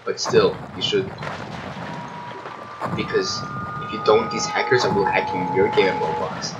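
Young male game streamer, excitable, slow-paced between sudden yelps, faint hiss behind. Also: deep voice, dull audio. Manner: excitable, shouts and yelps of surprise. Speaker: gaming streamer. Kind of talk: casual gameplay commentary.

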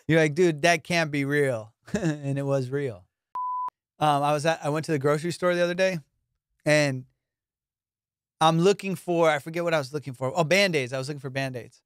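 High-voiced man telling profane stories. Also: fairly even intonation, brisk, long pauses, clear, resonant tone, no echo, clean studio sound. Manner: profane, storytelling, laughs often. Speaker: podcast host. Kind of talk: casual chat.

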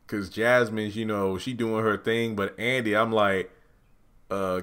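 A man giving a casual, rambling review of a TV episode on his channel, telling it with lively asides. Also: on the low side, a little slow, clean tone. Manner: chatty, rambling, animated retelling. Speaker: YouTube TV reviewer.

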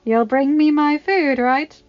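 A woman's voice: takes it slowly, dry recording. Mirabel, a woman doing a giddy squealing teen girl. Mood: thrilled. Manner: high, breathless, gushing. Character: excitable teenage girl, bubbly and wide-eyed. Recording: slightly dull lo-fi recording.

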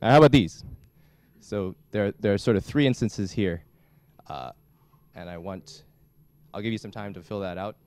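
A young man giving a classroom lecture as a student instructor, talking in a halting way with many restarts. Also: on the low side, darkish tone. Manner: halting, frequent restarts and fillers. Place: lecture hall.

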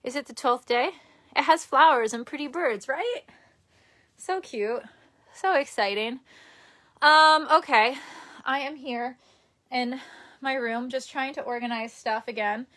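Young New woman, chatty and giggly, livestreaming from her bedroom, pitch a touch high. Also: unhurried, long pauses, a bit bright. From Queens, New York. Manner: chatty, giggly, talks to viewers. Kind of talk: casual livestream chat.

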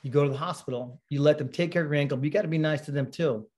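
A man giving a sermon, telling a personal story in a conversational way, often clearing his throat. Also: fairly high pitch, racing, darkish tone. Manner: conversational storytelling, acts out quoted voices; frequent throat clearing and fillers. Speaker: preacher.

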